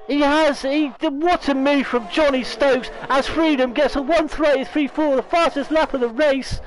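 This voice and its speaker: Excitable high-voiced race commentator. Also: male voice, rough recording. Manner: excitable, talks fast with restarts and self-corrections. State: losing his voice, hiccups. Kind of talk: esports racing commentary.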